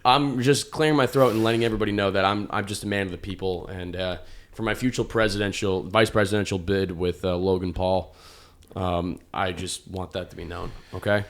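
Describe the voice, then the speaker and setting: A young American man co-hosting a comedy podcast, talking loudly and swearing, with mock grand proclamations. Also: deep voice, steady tone, a little fast. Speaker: podcast co-host. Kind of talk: casual chat.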